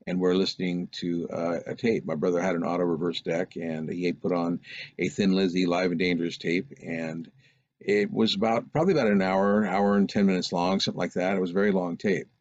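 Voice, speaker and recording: A man's voice: low voice, little pitch movement, brisk, a little mellow, dry recording. A man telling a personal anecdote in a casual, rambling, meandering way. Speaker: storyteller recounting a personal experience. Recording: dull lo-fi recording.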